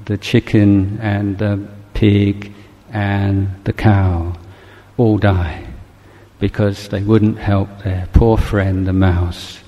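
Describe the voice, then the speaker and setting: A man giving a Buddhist dharma talk, telling a story in a gentle, halting, reflective way. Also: lowish voice, little pitch movement, lo-fi sound. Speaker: Buddhist teacher. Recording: long hall reverb.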